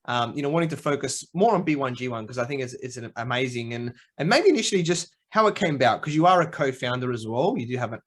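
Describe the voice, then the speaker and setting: Male podcast host, brisk casual interviewer, medium pitch. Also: expressive, fairly bright tone. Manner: friendly, quick, fillers like "mate".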